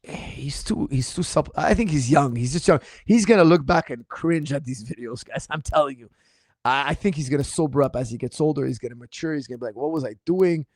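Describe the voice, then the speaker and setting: On a relaxed livestream, a male martial arts instructor responds to viewers' questions in a mocking, incredulous, animated manner, his voice a little strained. He talks fairly quickly at a mid-range pitch. The audio is dry and cleanly recorded in a studio.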